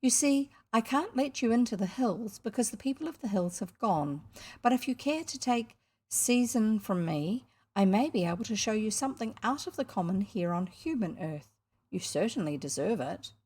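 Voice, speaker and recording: A woman reading aloud and voicing Puck, a mischievous ancient male hill sprite, with a lively, breathy, teasing manner. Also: medium pitch, moderate pace. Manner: lively, teasing, sing-song when chanting. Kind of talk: storybook reading.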